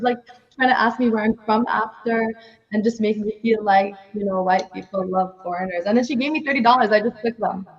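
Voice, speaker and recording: A woman with a foreign accent, co-hosting a podcast and telling a story in casual chat with laughs. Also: mid-range voice. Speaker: podcast co-host. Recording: dull lo-fi sound.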